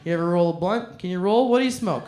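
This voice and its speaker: On a comedy club stage, a stand-up comedian works the front row, crude and teasing as she banters with them. Her voice sits fairly low and moves fast, with background noise in the echoey club room.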